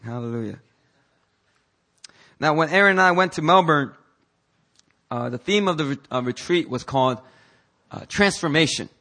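At a church service, a pastor with a bright, medium-pitched voice preaches an energetic sermon full of hallelujahs. He calls on the congregation to repeat after him.

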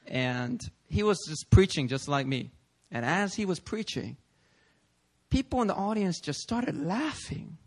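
A man with a fairly high voice preaches in an easygoing, conversational way. He is animated, keeps checking in with his congregation with little "okay?"s and "right?"s, and slips into other people's voices when he quotes them. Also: unhurried. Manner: acts out listeners' voices in quotes. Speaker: pastor. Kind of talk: conversational sermon. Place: church sanctuary.

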